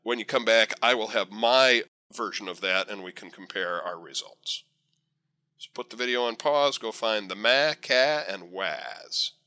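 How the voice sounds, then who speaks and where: A man teaching a software tutorial over a screen recording, chatty and encouraging with folksy asides. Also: lowish voice, normal speed. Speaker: software instructor.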